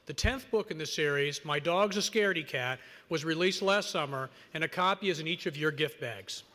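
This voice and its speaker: A man giving a prepared, measured introduction of the evening's host at an awards event. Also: a little high, sharp tone. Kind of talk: formal read introduction. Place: large hall at an awards ceremony. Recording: long reverb of a large hall.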